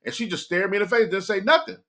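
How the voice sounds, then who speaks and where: A man's voice: high-pitched, quick pace, bright, forceful tone, pitched above the performer's own voice. Man doing an exasperated male friend. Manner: aggrieved, exasperated.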